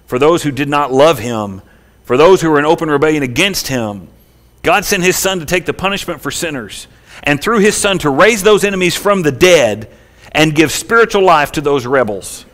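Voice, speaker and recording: A man pastor preaching a sermon, swelling loud and high at the peaks and dropping quiet and slow in the tender parts. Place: church sanctuary.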